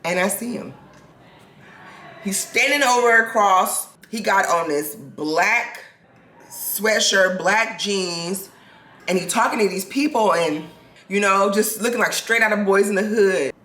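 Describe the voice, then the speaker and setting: A woman in her forties telling a personal story to her own camera, animated and restarting sentences. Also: mid-range voice, unhurried, reverberant. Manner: animated, restarts sentences, acts out quoted people. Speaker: vlogger. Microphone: self-filmed camera.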